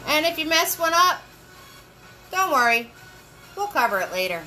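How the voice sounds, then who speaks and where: A woman leading a live painting lesson, chatty and encouraging, giving slow step-by-step instructions and greeting viewers by name. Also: high-pitched, sing-song, bright, forceful tone, soft background music, rough recording.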